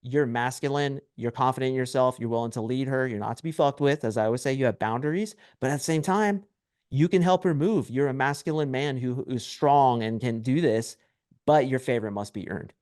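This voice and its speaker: A brash man talks as a podcast guest, coaching men on dating. He is animated and acts out short exchanges to make his points. His voice is mid-pitched, and the sound is dry and close. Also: fairly quick, no room sound. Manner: brash, animated storytelling with acted quotes. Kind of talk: podcast interview.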